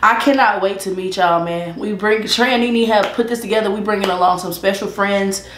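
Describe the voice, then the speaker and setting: A talkative woman hosts her own eating show, rambling easily between bites and circling back to the same points. Her voice sits at an ordinary pitch and carries a roomy echo, with a faint hum of background noise underneath. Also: fairly quick, a bit bright. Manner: chatty, loose and talkative, repeats herself. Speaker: mukbang vlogger, host. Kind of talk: casual chat while eating. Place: indoors at her eating setup.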